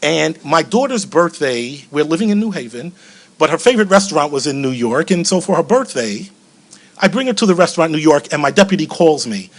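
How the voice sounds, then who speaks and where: A middle-aged man giving a keynote speech as a personal story, animated and acting out voices, slowing and softening at tender moments. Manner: animated, acts out quoted voices with big pitch swings; slows and softens at emotional moments. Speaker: keynote speaker.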